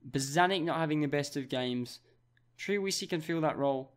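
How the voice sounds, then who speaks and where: Young Australian guy calling the action in his football manager game, fairly high voice, gets excitable. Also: fairly quick. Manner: excitable play-by-play commentary. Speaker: gaming YouTuber.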